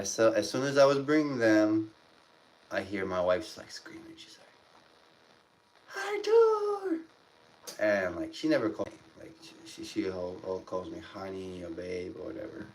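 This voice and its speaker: A man's voice: low voice, level tone, moderate pace. A man, a father rambling through stories on a casual livestream, with many restarts. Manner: rambling, restarts a lot, emotional storytelling. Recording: distant mic with faint room noise.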